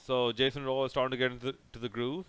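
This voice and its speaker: A man's voice: mid-range voice, little pitch movement, racing, a bit bright, clean tone, no echo. A young man casually recapping a cricket match over by over, rambling and sarcastic, with many restarts. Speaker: cricket reviewer.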